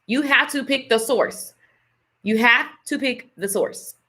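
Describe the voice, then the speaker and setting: A woman delivers a casual, emphatic motivational talk, sprinkling in pet names like darling and honey. Her voice sits high and sounds bright and clear. She keeps a preachy, church-flavored tone throughout. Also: slow. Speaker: motivational speaker on a live stream.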